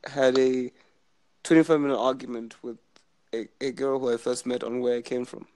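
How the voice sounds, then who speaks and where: A young man with a Zimbabwean accent, a university student, chatting casually and telling animated stories. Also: medium pitch, brisk, no echo. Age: young adult. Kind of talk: casual video chat.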